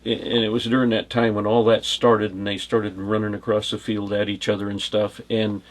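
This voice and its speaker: Answering questions casually, this middle-aged man from the United States, once a bodyguard, tells meandering anecdotes punctuated by chuckles. He talks at normal speed in a level tone, his voice on the low side, with slight hiss or hum in the background.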